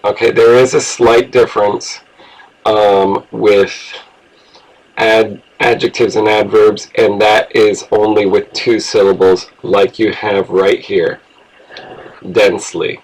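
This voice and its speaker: A man's voice: lowish voice, level tone, slow pace, low-quality recording. A man teaching an English grammar lesson, explaining rules patiently and spelling words out letter by letter.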